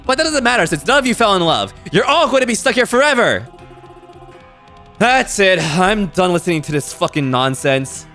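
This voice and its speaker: A man's voice: high voice, very animated, moderate pace, pushed and bright, faint music behind, pitched above the performer's own voice, heavily acted. A man voicing an exasperated, foul-mouthed young woman in a game, scornful and swearing.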